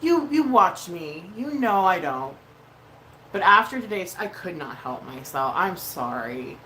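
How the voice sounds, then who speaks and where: A woman's voice: on the low side, big pitch swings, a little slow, pushed and bright, slight background noise, rough recording. A woman hosting a casual makeup livestream, chatty and freely swearing as she reads out viewer messages. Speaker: livestream host doing makeup.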